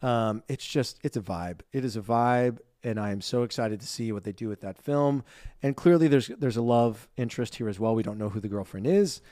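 A man's voice: medium pitch, brisk, mellow, no room sound, clean studio sound. A man co-hosting a podcast in casual chat, upbeat and chatty with lots of fillers. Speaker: podcast co-host.

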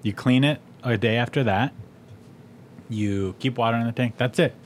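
A man's voice: mid-range voice, moderate pace, slight background noise. A man with a slight lisp chatting casually as a podcast host, telling stories and acting out quotes. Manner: relaxed storytelling, acts out quotes. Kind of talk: casual chat.

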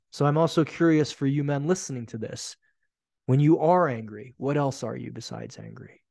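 Speaking at a normal pace with vocal fry and a darkish tone, this podcast host delivers blunt, emphatic stories laced with profanity. He's a man in his forties going solo, recorded at studio quality with no room sound.

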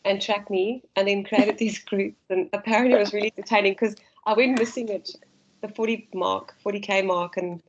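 A woman's voice: medium pitch, fairly even intonation, a little fast, highs cut off, a little hiss or hum. Chatty South African woman, laughing storyteller. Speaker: guest runner. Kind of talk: casual podcast chat.

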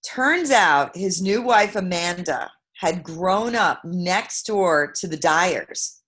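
A woman from Brooklyn, New York, telling a personal story as an interview guest, shifting from loud emphasis to hushed asides. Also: on the low side, animated, slow pace. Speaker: guest, author.

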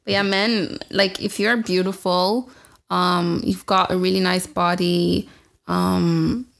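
A young woman co-hosting a casual podcast chat, frank and giggly, reacting with quick asides. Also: on the low side, level tone, creaky, a bit bright. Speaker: podcast co-host.

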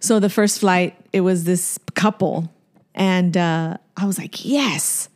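A woman co-hosting a casual podcast tells stories in a loose, rambling way, full of fillers and restarts. Her voice is on the low side, steady and a little mellow, and she speaks a little slowly.

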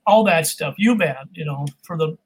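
A middle-aged man with a high, husky voice speaks as a guest in an interview. He is animated and laughs often, and he breaks into quick imitations as he talks. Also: low-quality recording. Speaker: guest, voice and accent coach. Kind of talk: casual interview storytelling.

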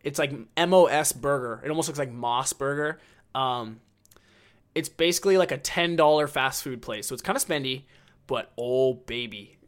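A man's voice: fairly high pitch, normal speed, fairly bright tone. A man hosting a casual solo podcast, rambling enthusiastically with lots of ums and likes. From United States. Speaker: podcast host.

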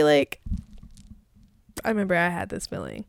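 A woman's voice: on the high side, huge pitch swings, moderate pace, creaky, mellow, dry recording, clean studio sound. A young woman vlogger chatting casually, reading her old posts aloud in a rambling, filler-heavy way.

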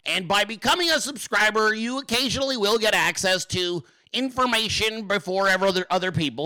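A podcast host offers casual political commentary on his own show in a high-pitched, pushed, bright voice. He's brash and mocking, and he swears freely.

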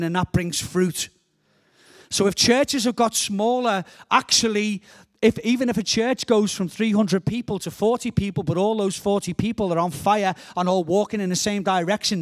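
Preaching with passion as a guest, a Liverpool-accented man with a high voice drives home his points by repeating words again and again.

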